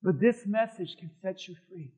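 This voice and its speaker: A man preaching a sermon as pastor to a congregation, swinging between loud shouting and quiet, chatty asides. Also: high voice, expressive, moderate pace, breathy edge, poor audio. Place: church sanctuary before a congregation.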